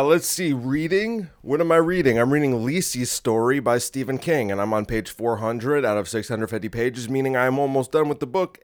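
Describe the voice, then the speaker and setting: A man with a somewhat low voice hosts his own solo podcast. He chats in a loose, joking way and keeps wandering off topic. He records from his bedroom at home. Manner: restless, jokey, easily sidetracked. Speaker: podcast host. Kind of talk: rambling solo podcast chat.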